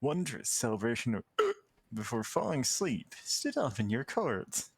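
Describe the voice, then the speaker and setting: A woman co-streaming a game, chatting casually and reading its events aloud in a lively way, laughing and slipping on words. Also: rumbling low, moderate pace, breathy edge, no room sound.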